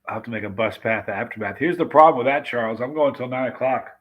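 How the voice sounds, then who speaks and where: A man's voice: medium pitch, highs cut off. A man hosting a live stream, chatting and reading comments while his mouth burns from a very hot pepper extract, gasping and exclaiming. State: burning mouth, hiccuping.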